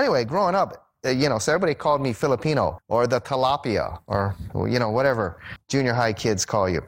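A middle-aged man telling a personal story in a sermon, animated and acting out the voices of the people he quotes. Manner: animated storyteller who acts out quoted voices with big pitch jumps. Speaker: Bible teacher and speaker.

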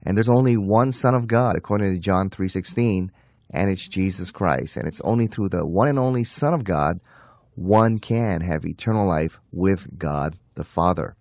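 A man giving an earnest apologetics talk, slowing down to stress key phrases. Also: deep voice, a little mellow, no room sound, studio quality. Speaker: Christian apologist teacher.

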